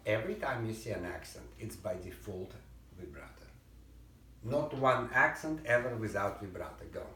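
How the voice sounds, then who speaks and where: A man's voice: on the low side, lively intonation, moderate pace, sharp tone, faint music behind. A man teaching a violin lesson, singing rhythms and calling out commands over the playing. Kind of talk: private music lesson coaching. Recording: roomy and distant, violin playing behind.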